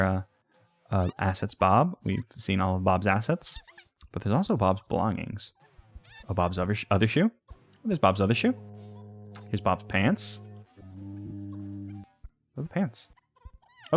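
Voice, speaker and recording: A man's voice: deep voice, gravelly. A man hosting a let's play, rambling and hesitant as he talks to the game's pets. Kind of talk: casual game commentary.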